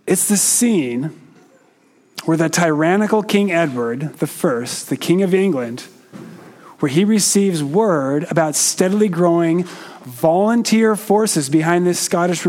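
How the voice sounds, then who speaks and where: Preaching at a measured, unhurried pace, he leaves frequent pauses and occasionally asks the congregation questions. His pitch is on the high side, and the tone is somewhat dark.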